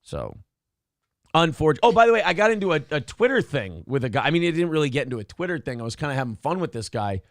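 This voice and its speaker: A man co-hosting a podcast, telling stories in a sarcastic, animated way and putting on mocking voices for the people he quotes. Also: on the high side, quick pace, dry recording, studio quality. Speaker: podcast co-host. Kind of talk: casual chat.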